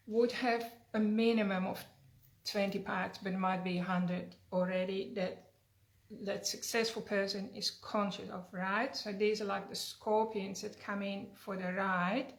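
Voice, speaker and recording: A woman energy healer giving a conversational teaching talk, earnest and often checking in with "right?". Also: medium pitch. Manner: earnest, conversational, frequent tag questions. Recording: echoey room.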